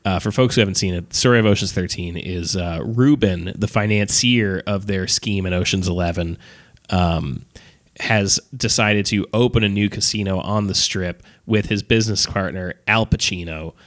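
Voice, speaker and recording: A man's voice: deep voice, normal speed, fairly bright tone. A man co-hosting a podcast, chatting casually and rambling through a story with lots of "like" and "um", swearing offhandedly and laughing as he goes. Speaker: podcast co-host reviewing films. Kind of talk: casual chat.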